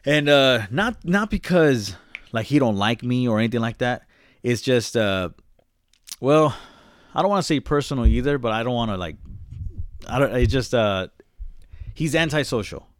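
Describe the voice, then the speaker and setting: Young male podcast co-host, mid-pitched, dry, rambling, swears freely. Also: expressive, moderate pace, pauses often, no echo. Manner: rambling storytelling, swears a lot, says "bro". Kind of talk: casual chat.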